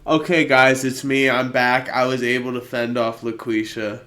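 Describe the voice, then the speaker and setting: A man's voice: mid-range voice, level tone, normal speed, fairly bright tone. A man hosting a podcast in casual chat, laid-back and amused. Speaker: podcast host.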